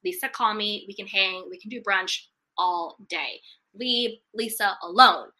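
A woman's voice: mid-range voice, a little slow, sharp tone. A young woman chatting casually and animatedly, with a sassy, emphatic way of talking. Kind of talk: casual reality-TV gossip chat.

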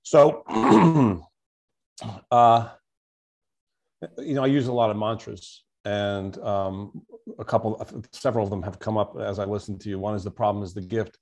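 A man's voice: fairly low pitch, measured pace, pauses often, a little mellow. A man who is a coach in a conversational interview, speaking reflectively, telling stories and quoting mantras.

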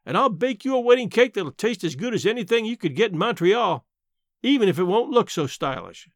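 A man voices a sharp-tongued elderly countrywoman in an audiobook, grumbling and matter-of-fact. Her talk is high-set and swings freely in pitch, with a blunt edge. The recording is dry and close with no room sound. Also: animated, fairly quick, no room sound. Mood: blunt, sardonic. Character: blunt, plainspoken elderly aunt, woman.

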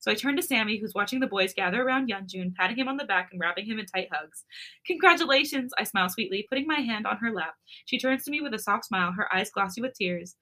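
A woman co-hosting a podcast, reading fan fiction aloud with expressive narration. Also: medium pitch, fast, few pauses.

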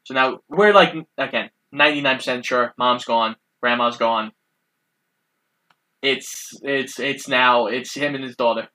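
A man's voice: medium pitch, unhurried, bright, forceful tone, rough recording. A man co-hosting a casual movie recap, retelling scenes step by step and swearing casually.

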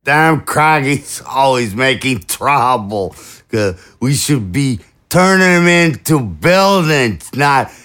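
A man's voice: medium pitch, animated, slow, fairly bright tone, clean tone, pitched above the performer's own voice. A man voicing a jolly, pudgy, frog-like male drunkard in an audio drama, with slurred, grumbling speech.

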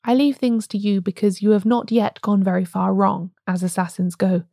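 A woman voicing a calm, grave old priest-detective in a storybook reading, speaking quietly and gently. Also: medium pitch, moderate pace, creaky, no echo, clean studio sound.

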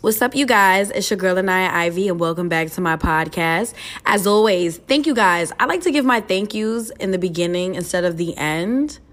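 A woman's voice: lowish voice, lively intonation, normal speed, fairly bright tone, soft background music. Chatty, swearing woman podcast host. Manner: chatty and loose, swears freely, fillers and restarts, laughs at herself. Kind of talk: casual solo podcast chat.

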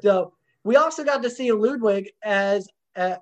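A man hosting a casual movie chat, joking and animated. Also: high voice, measured pace, dull audio. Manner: joking, animated, does playful impressions. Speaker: podcast host. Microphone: home microphone on a call.

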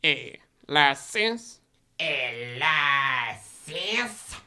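Woman putting on a hammy fake French accent, lowish voice, bright, slow and suave. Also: very animated, heavily acted. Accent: put-on French. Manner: over-the-top cheesy.

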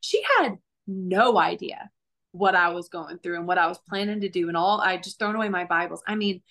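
A woman's voice: on the low side, a little fast, a bit bright. A young woman sharing her faith testimony in an earnest, conversational way, often laughing. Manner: earnest, laughs often, acts out quoted voices.

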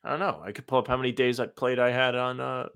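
A young man co-hosts a laid-back podcast, rambling through everyday stories. His voice has a bright, forward edge. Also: medium pitch, little pitch movement, quick pace, smooth. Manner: chatty anecdotes, many "like" fillers. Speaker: podcast co-host. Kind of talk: casual chat.

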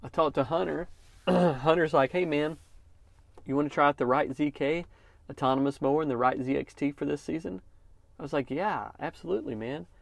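A man talks casually on his podcast, telling a story and encouraging his listeners. His pitch sits in an ordinary middle range. The close mic gives a dry sound with no room echo. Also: creaky. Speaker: podcast host, lawn care business owner. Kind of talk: casual motivational podcast talk.

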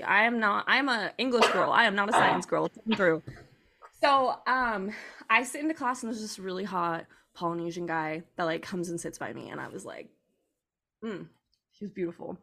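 A woman in her thirties telling a story on a casual podcast, animated and chatty, with plenty of "like" and laughter. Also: mid-range voice, normal speed.

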